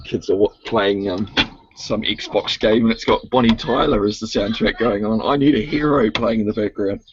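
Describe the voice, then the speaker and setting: A man's voice: on the low side, moderate pace, lo-fi sound, noisy background. A middle-aged man at home in a casual online voice chat, joking and swearing freely as he rambles. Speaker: voice chat participant.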